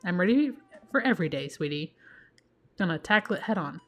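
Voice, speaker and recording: A woman's voice: lowish voice, animated, fairly quick, soft background music, close to an everyday voice. A woman voicing a goofy, sentimental middle-aged dad in a dating game, with dorky jokes.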